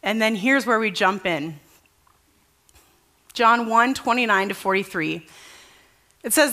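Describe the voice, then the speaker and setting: A woman's voice: medium pitch, measured pace, pauses often, bright, forceful tone. A woman pastor giving a conversational sermon at a church service, earnest and casual, asking the congregation questions.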